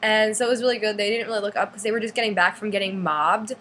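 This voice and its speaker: A teenage girl casually telling a long story to her camera, full of "like" and acted-out quotes in a higher voice. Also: fairly even intonation, fast, a bit bright, a little hiss or hum. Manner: chatty, lots of "like", acts out quotes in higher voice. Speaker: fan vlogger.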